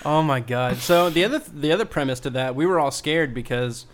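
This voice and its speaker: A man's voice: fairly high pitch, a little fast. Laid-back man trading dry puns. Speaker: podcast co-host, musician. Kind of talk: casual banter.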